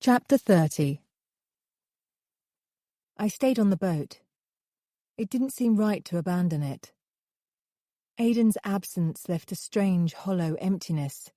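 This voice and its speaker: A woman narrating a thriller audiobook in the first person, with steady, measured storytelling. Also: mid-range voice, dry recording, clean studio sound.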